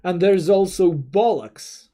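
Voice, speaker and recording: A young adult streamer with Russian as a first language reads out chat and talks with viewers in a meandering, casual way. The voice sits in the mid range and is warm, and they take their time, stumbling into restarts and dropping the odd swear word.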